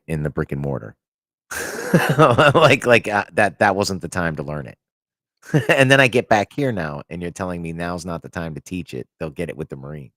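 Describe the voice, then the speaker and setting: A man's voice: low-pitched, fairly bright tone, no echo, studio quality. A man hosting a podcast, a Navy veteran who tells wry anecdotes and acts out both sides of old arguments. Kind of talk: casual chat.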